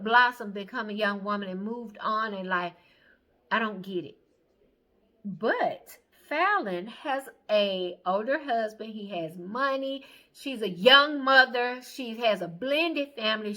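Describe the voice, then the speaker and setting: A woman's voice: a little high, sharp tone. A woman casually recapping a reality show episode, chatty and opinionated with plenty of sass. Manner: sassy, chatty, opinionated, mimics people she talks about.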